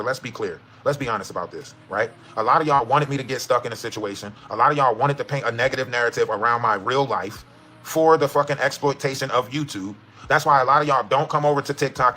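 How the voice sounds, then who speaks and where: A man's voice: medium pitch, pushed and bright. A man in a livestream clip, ranting defiantly and ending his points with "right?". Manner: defiant, repeats "right?" often. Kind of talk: livestream rant.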